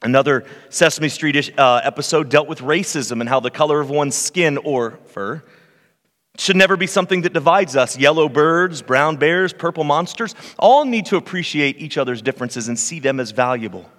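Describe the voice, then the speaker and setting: A pastor delivering a sermon in a church, telling stories earnestly and dropping to quiet, hushed passages. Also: male voice, on the high side, expressive, normal speed. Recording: long reverb of a church hall.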